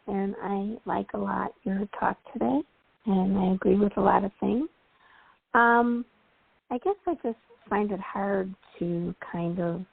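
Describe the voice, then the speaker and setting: A woman's voice: medium pitch, creaky, dry recording. Hesitant woman caller on a phone line. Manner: hesitant, filler-heavy. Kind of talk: call-in question. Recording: telephone line.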